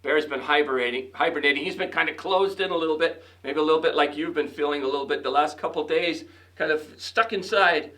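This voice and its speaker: A male educator hosting and reading a children's story aloud, chatting gently to the kids between pages. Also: a little high, fairly quick.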